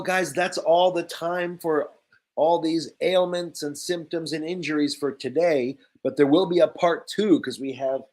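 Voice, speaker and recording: A man teaching English vocabulary in a slightly high voice. He talks slowly and plainly, repeating each new word so learners can catch it. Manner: speaks slowly and simply, repeats key words. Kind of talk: slow, clear ESL vocabulary lesson.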